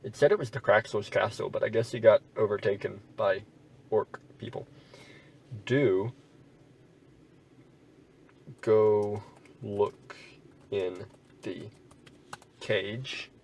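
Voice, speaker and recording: A man's voice: fairly low pitch, steady tone, takes it slowly, creaky, pauses often, darkish tone, distant mic, rough recording. A man reading an AI text adventure aloud and adding wry, bemused asides as he plays. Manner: wry, bemused asides between read-out passages. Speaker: gamer playing an AI text adventure.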